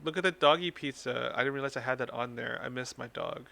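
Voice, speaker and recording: A man running a tarot reading live stream, chatting casually and teasing his viewers in a playful way. His voice sits at a middling pitch. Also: fast, creaky, bright, forceful tone.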